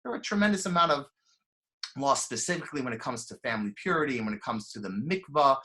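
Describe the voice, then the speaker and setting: A young man giving a storytelling sermon as a rabbi, animated and chatty, acting out voices and using lots of fillers. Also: mid-range voice, fast talker. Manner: animated, acts out quoted voices, frequent fillers. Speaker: rabbi giving a weekly Torah talk.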